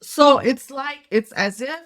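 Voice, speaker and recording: A woman's voice: high voice, slow pace, fairly bright tone. A middle-aged woman doing a tarot reading, talking casually in a rambling way with many fillers and restarts. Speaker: tarot reader and nurse health coach.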